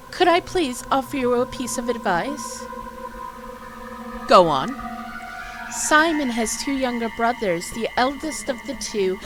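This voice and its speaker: A woman streamer reading a game's dialogue aloud, voicing a devoted young townswoman in a soft, sing-song voice. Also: on the high side, pitched above the performer's own voice, rough recording.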